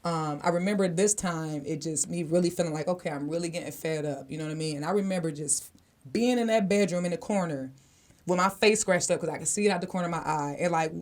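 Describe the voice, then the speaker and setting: Woman, podcast co-host, lowish voice, blunt, casual storytelling, swears freely, talks to listeners. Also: fast talker. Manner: conversational, speaks directly to listeners.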